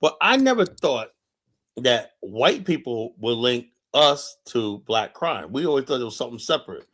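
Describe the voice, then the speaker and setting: This is an impassioned, conversational monologue from an American man streaming live, his medium-pitched, fairly bright voice moving through big pitch swings at normal speed. Urgent and emphatic, he repeats himself often, peppering his talk with "you know" and "right?"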